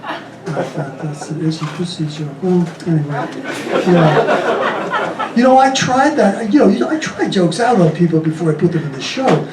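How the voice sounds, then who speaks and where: A man doing stand-up comedy, rattling off deadpan jokes and chuckling at his own punchlines on a comedy club stage. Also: sits high, moderate pace. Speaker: stand-up comic. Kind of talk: stand-up joke telling. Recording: echoey club, distant mic, faint room noise.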